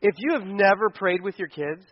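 High-pitched guy preaching to parents, jokey and animated, muffled lo-fi sound. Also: moderate pace. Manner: joking, animated, acts out little scenes in silly voices. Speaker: pastor speaking to parents. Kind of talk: casual sermon. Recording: dull lo-fi sound.

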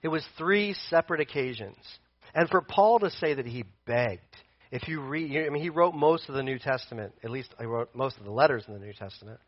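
A man's voice: mid-range voice, a little fast, no room sound, lo-fi sound. A man preaching a sermon in a casual, conversational way, pacing as he talks. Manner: conversational, animated, paces while preaching.

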